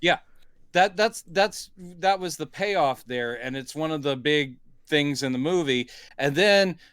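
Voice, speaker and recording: A man's voice: a little high, lively intonation, measured pace, a bit bright, smooth, no room sound, clean studio sound. A man hosting a podcast, recapping a film in casual chat and acting out quoted lines from it. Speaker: podcast host. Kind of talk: casual movie review chat.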